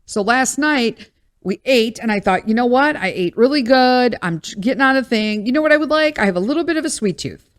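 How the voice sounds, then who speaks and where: A woman's voice: a little high, lively intonation, fairly quick. A woman, hosting a podcast and venting bluntly in a casual, exasperated monologue, swearing freely. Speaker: podcast host.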